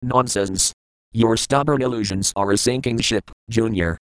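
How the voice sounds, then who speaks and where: A man reading the lines of a calm, blunt old male spiritual mentor in an audiobook, firm and patient in a lecturing way. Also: fairly low pitch, unhurried, clear, resonant tone, dry recording, close to an everyday voice, poor audio. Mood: firm teaching.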